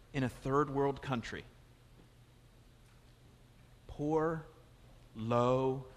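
A pastor preaching a conversational, animated sermon in a church, his voice rising in emphatic questions. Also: mid-range voice. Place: church sanctuary. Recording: long hall reverb, faint music.

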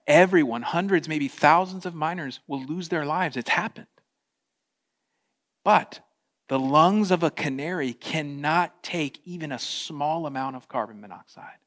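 A man preaching a sermon, animated, slipping into playful voices for quotes. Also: a little high. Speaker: pastor.

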